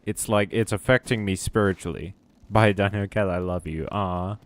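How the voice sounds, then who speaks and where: A man's voice: sits low, moderate pace, slight background noise. Rambling, cursing man streaming a game. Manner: rambling, self-deprecating, swears freely. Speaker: VTuber streamer. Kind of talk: casual gaming stream chat.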